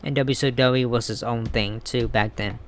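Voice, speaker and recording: A man's voice: medium pitch, fairly even intonation, normal speed, a little hiss or hum. A man ranting bluntly and with heavy swearing in a casual wrestling commentary vlog. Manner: blunt, profane, heated ranting.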